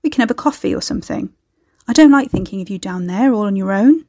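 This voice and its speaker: A woman voicing an arrogant, manipulative ex-boyfriend who pleads in a low, smooth, self-pitying way. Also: expressive, quick pace, warm tone, dry recording, clean studio sound. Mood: wheedling.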